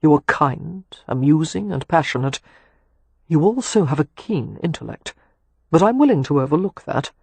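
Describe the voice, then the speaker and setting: A man playing a wry, teasing gentleman. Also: fairly high pitch, animated, normal speed, vocal fry, slightly rough, no room sound, full character voice. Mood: tender teasing. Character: teasing, ardent young English gentleman.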